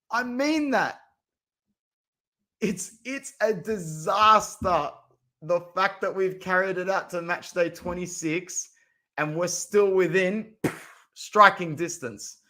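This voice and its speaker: A young Australian man from Southwest Sydney, ranting in casual live-stream chat as a football fan streamer, swearing and saying bro. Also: high voice. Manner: animated, swearing, ranting, calls viewers bro.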